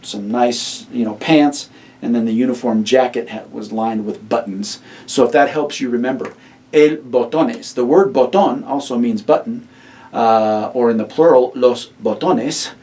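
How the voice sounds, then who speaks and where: A man teaching a vocabulary lesson to students, speaking patiently and repeating each word slowly. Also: mid-range voice, darkish tone, far from the mic. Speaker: Spanish teacher. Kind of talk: recorded classroom lecture.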